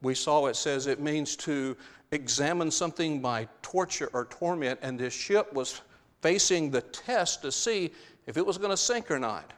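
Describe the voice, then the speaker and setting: A man's voice: on the high side, animated, normal speed, long reverb tail. A man preaching a sermon, stressing key phrases by repeating them.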